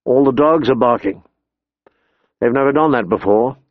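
An earnest teenage lordling, read by a male narrator, speaking low, soft and soothing to his mother. The audiobook sound is dry and a little dull. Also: moderate pace, no room sound, lightly acted. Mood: alert.

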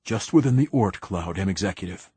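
A man's voice: low-pitched, lively intonation, a little fast, warm tone, no room sound, full character voice. A man voicing a formal, dutiful young male admiral in an audiobook, answering briefly. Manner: crisp, formal replies.

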